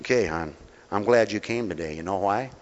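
A man's voice: on the low side, a little fast. Folksy preacher man, echoing hall. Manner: folksy, coaxing, calls listeners honey, call-and-response questions. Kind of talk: folksy sermon. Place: mission hall. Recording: dull reverberant hall recording.

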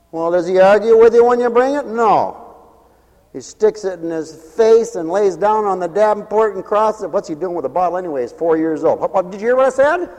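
High-voiced, folksy radio preacher man. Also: expressive, brisk, darkish tone, long reverb tail, poor audio. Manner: emphatic, folksy, acts out voices, chuckles. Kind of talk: radio sermon.

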